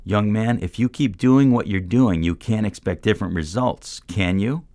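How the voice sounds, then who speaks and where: A man's voice: low voice, lively intonation, normal speed, darkish tone, dry recording, voice pushed up. A man voicing an intense older mentor who pushes a younger man with drilling, pressing questions. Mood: pressing, forceful.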